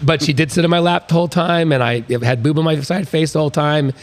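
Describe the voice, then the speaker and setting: A man's voice: fairly high pitch, steady tone, quick pace. A middle-aged man co-hosting a podcast, telling crude, rambling anecdotes in a casual way. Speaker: podcast co-host. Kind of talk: casual storytelling chat.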